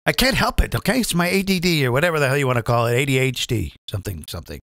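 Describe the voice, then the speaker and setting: A man's voice: mid-range voice, sing-song, rapid-fire, a bit bright, no room sound, studio quality. A man hosting a live comedy show, ranting in a profane, rambling, digressive way.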